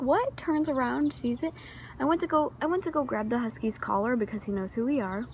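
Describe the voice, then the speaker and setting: A teenage girl vlogging outdoors in her neighborhood, telling a rambling, excitable story into a handheld phone camera. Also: on the high side, a little hiss or hum. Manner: excitable, rambling, many restarts and fillers. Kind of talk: casual storytelling vlog.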